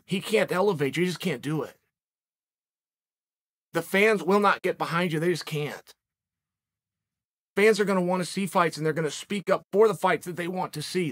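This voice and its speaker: A man talks in a casual monologue as a sports podcast host. His voice sits high and rings bright and tense. He hammers his points home in short, rhetorical, emphatic lines. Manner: emphatic, punchy rhetorical delivery.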